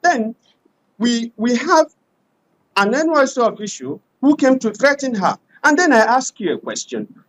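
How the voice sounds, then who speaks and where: A man arguing forcefully as a panel guest in a debate. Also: very high voice, big pitch swings, unhurried, low-quality recording. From Nigeria. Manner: forceful, argumentative.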